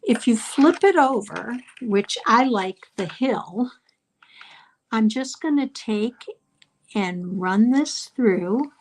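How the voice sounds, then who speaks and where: Slow-talking woman teaching card-making. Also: fairly high pitch, lively intonation. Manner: chatty step-by-step explaining with frequent ums. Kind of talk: live crafting class demonstration.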